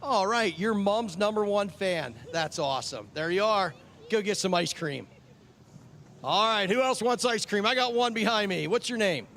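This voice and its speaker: A man's voice: high voice, lively intonation, moderate pace, fairly bright tone, a little hiss or hum. A man working as a track chaplain, chatting with kids in a friendly, joking way and repeating their names back to them, outdoors at a speedway. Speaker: track chaplain handing out ice cream vouchers. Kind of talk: casual chat with kids over a PA.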